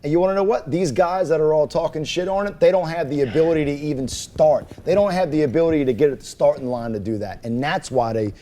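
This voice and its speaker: A man's voice: fairly high pitch, fast talker, few pauses, mellow. A man hosting a podcast in casual banter, arguing his point insistently and repeating himself. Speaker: podcast host.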